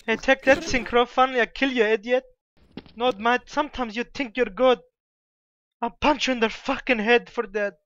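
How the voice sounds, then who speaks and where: A man talks at a moderate pace in an extremely high, somewhat bright voice with fairly even intonation. During casual game voice chat he uses broken English, appends a stock phrase to his lines and tosses out playful insults, over slightly dull audio with faint noise.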